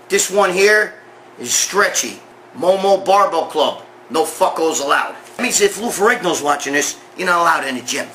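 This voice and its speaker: A man's voice: high voice, background noise. A middle-aged man hosting a show, ranting and telling stories in a brash, profane, blunt way. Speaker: host. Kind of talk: profane monologue rant and storytelling.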